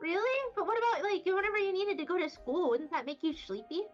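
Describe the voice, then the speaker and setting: A young woman from Wyoming chats on stream in a high, lively voice, jumping between silly tangents. The sound is a little dull and muffled. Faint music plays underneath. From Wyoming, USA. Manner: rambling, silly and playful. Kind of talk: casual chat, reading chat messages. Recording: slightly dull audio with faint background music.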